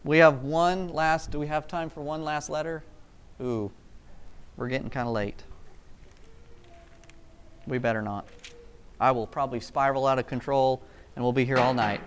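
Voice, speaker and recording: A man preaching a casual, energetic sermon in a rambling, self-amused way. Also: medium pitch, normal speed, pauses often, a little hiss or hum. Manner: energetic, rambling, laughs at himself.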